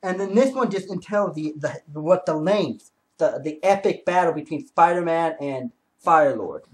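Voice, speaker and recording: A man excitedly retelling a comic book story in a casual review, with frequent restarts and asides. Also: fairly high pitch, moderate pace, rough recording. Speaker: comic book video host.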